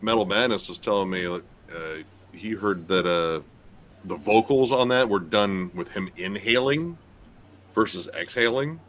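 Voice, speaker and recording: A man's voice: on the low side, a little slow. A man hosting a casual podcast chat, rambling with lots of fillers. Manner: relaxed, rambling with many fillers.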